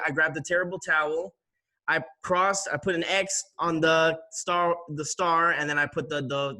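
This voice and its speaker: A young man hosting a casual chat, relaxed and quick to laugh. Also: on the high side. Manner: relaxed, laughs easily, many fillers. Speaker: host.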